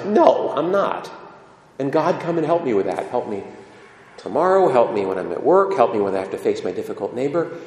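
A man preaching a sermon, asking his listeners questions and talking straight to them. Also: medium pitch. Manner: animated, asks the listeners questions. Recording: echoey hall reverb.

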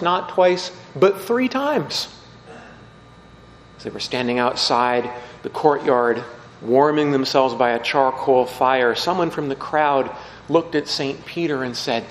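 A man's voice: big-room sound, a little hiss or hum, low-quality recording. A man, a priest, reads the gospel and gives a short homily, raising his voice to act out the people he quotes. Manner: acts out quoted voices with rising pitch and force.

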